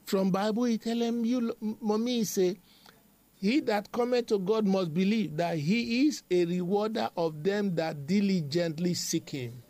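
A man's voice: sits high, unhurried, warm tone, no room sound. A man delivering a devotional sermon, emphatic and repetitive in a chanting preaching rhythm.

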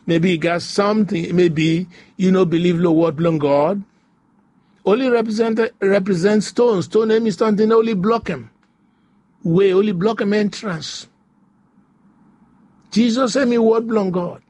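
A man's voice: sits high, unhurried, pauses often, a little mellow. A man preaching a devotional sermon, repeating phrases in a rhythmic, rising way. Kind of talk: devotional sermon in pidgin English.

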